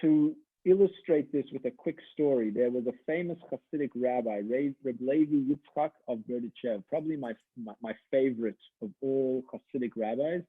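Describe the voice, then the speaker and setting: A man's voice: mid-range voice, normal speed, hardly any pauses, breathy edge, no room sound. Chatty man on a tinny line. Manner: animated, chatty, many restarts. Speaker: rabbi. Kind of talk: storytelling sermon. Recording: dry tinny phone-like line.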